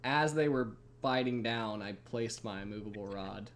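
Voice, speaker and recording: A man's voice: lowish voice, moderate pace, slight background noise. A man playing in a casual tabletop game, hesitant and full of questions. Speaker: player.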